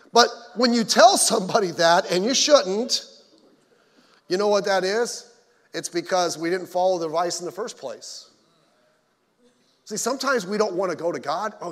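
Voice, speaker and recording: A man with a fairly high, slightly bright voice preaches as pastor in a church sanctuary, where the recording picks up long hall reverb. He is folksy and conversational, tossing joking remarks to the congregation.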